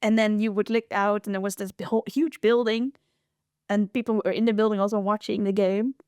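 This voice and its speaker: A woman's voice: medium pitch, steady tone, a little fast, darkish tone, clean tone, no echo, studio quality. A woman, co-hosting a casual podcast chat, talking freely and laughing often. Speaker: podcast co-host.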